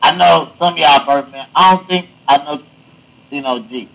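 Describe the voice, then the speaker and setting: A young man hosting a casual podcast, telling crude stories loudly and laughing often. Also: fairly high pitch, normal speed, vocal fry, rough recording. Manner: loud, laughing, crude storytelling. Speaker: podcast host.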